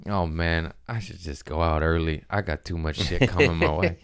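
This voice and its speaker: A man with a low voice hosts a comedy podcast and tells a loose story. He swears freely, gets animated and slips into quick impressions as he talks. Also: clean tone. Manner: profane, animated, jumps into voices.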